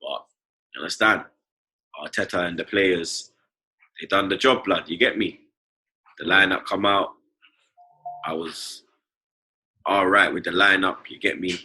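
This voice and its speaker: A man's voice: low-pitched, steady tone, measured pace, long pauses, sharp tone, low-quality recording. A young man with a London accent hosting a casual football podcast, full of slang banter and tags like "you understand". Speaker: podcast host.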